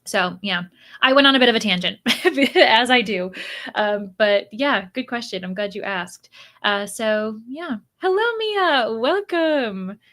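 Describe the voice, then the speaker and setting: A woman's voice: mid-range voice, measured pace, pushed and bright. A young woman hosting a casual reading livestream, reading out viewer comments and chatting in a rambling way, full of fillers and restarts. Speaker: livestream host of a reading sprint.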